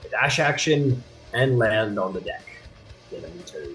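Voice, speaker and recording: A man narrating as game master of a tabletop game, chatty and quick to apologize. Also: lowish voice. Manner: lively, chatty, apologetic asides. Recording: faint guitar music behind.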